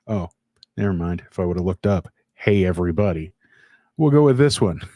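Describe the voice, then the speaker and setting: A man hosting a casual live stream, talking haltingly with many fillers and restarts while greeting viewers in the chat by name. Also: low voice, expressive, warm tone, no echo. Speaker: livestream host.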